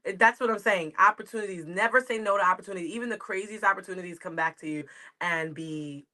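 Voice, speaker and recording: Appearing as a guest on a video-call interview, a New York–accented American woman who does comedy talks casually, meandering and quick to laugh. She speaks at a quick pace in a mid-range voice that's bright and forceful.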